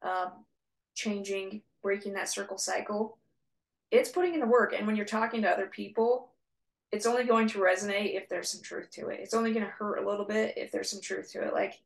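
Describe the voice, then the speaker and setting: Woman with a bit of vocal fry, thinking out loud on a podcast, echoey. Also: medium pitch, fairly even intonation, brisk. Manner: reflective, agreeable, thinks aloud. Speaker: podcast co-host. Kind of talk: casual chat. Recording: echoey room.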